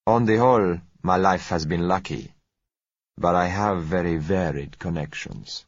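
A man voicing a sleek foreign oil dealer who talks politely, gently and without hurry. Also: deep voice, measured pace, no room sound. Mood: smooth, polite. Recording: dry, slightly dull recording.

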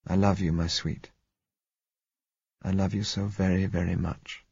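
A man voicing a calm young man in an audiobook, speaking softly and soothingly. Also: sits low, measured pace, creaky, husky, no echo, muffled recording, exaggerated voice. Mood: tender. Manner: soft, soothing. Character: tender, resolute young man.

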